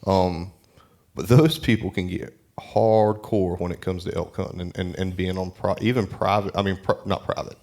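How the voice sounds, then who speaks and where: A man from North Carolina, a guest in a podcast chat, speaking haltingly and repeating himself as he thinks. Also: low voice, steady tone, dark tone. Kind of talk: casual chat.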